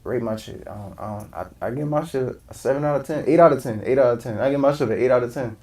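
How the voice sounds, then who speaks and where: A man streaming and reacting live in casual chat, talking in loud, profane slang. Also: mid-range voice, fast talker.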